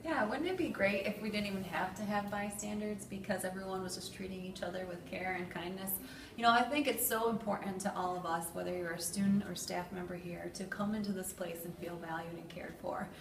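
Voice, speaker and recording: A woman's voice: medium pitch, brisk, vocal fry. A woman from the school staff speaking reflectively in a school announcement, with fillers along the way. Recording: distant mic, echoey room, background noise.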